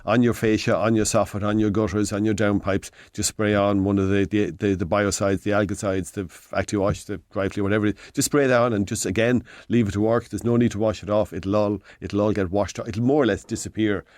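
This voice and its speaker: A sixty-year-old Irish man, a hardware expert on a radio show, gives home repair advice into a studio mic, rambling and correcting himself as he goes. His lowish, darkish voice moves briskly with few pauses and fairly even intonation, and the recording is dry.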